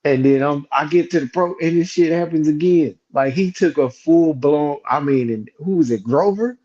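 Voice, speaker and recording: A man's voice: on the high side, normal speed, warm tone, dull audio. A man co-hosting a casual sports podcast, venting heatedly as a fan and swearing freely. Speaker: podcast co-host.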